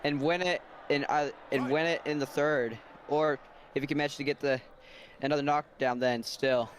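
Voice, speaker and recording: A man giving color commentary on a boxing match, breaking down tactics with quick reactions. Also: fairly high pitch, steady tone. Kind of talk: live fight color commentary. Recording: noisy livestream audio.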